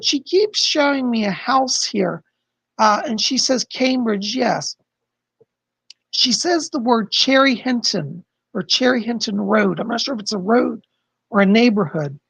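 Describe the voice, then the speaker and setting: Male live-stream psychic host, gravelly and husky, gushing and warm with viewers, dry close mic. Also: high voice, no room sound. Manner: effusive, calls viewers darling, relays spirit messages.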